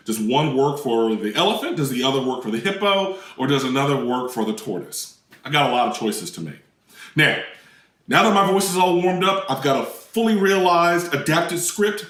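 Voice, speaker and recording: A man teaching puppet voice warm-ups in an animated, demonstrative way, his pitch swinging widely. His tone is bright, and he sounds a bit far from the mic in a roomy space. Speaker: library puppetry presenter. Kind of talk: children's lesson on voice warm-ups.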